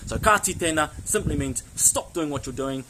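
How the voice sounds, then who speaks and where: A man with a New Zealand accent hosting a casual language lesson, chatty, slowly repeating phrases for learners to copy. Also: a little high, animated, background noise. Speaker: language teacher and host.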